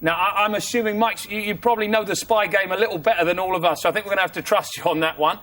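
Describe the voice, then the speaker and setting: A man's voice: high-pitched, rapid-fire, sharp tone. A young man hosting a comic TV chat show, cheeky and teasing. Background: studio audience.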